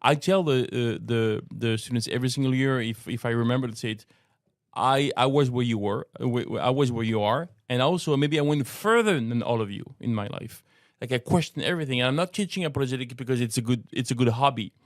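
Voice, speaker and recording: A man in his sixties with a French accent, co-hosting a faith podcast in an earnest, halting way with many restarts. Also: mid-range voice, dry recording, clean studio sound. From France. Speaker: co-host and apologetics teacher. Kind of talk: casual podcast conversation.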